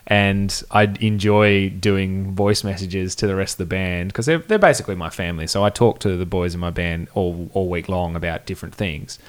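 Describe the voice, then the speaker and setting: A man's voice: low-pitched, steady tone, normal speed, few pauses, clear, resonant tone. A man chatting candidly and reflectively as a podcast guest. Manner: laid-back, candid and reflective. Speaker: podcast guest, band member. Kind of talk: casual podcast chat.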